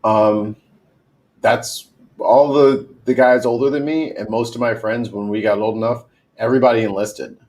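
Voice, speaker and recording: A man's voice: medium pitch, unhurried, darkish tone. A man in his thirties speaking somberly and reflectively in a podcast conversation. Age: 30s.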